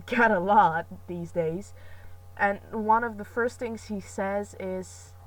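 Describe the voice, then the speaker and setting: A woman's voice: mid-range voice, distant mic, low-quality recording. Chatty young woman vlogging. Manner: rambling, chatty, self-mocking, many fillers. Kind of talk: casual chat.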